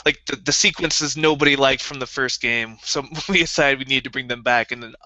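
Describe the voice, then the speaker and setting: A man's voice: mid-range voice, fairly even intonation, brisk, bright, forceful tone, dry recording. A man co-hosting a casual podcast chat, talking in a thoughtful, advice-giving way. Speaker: podcast co-host. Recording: dull dry lo-fi recording.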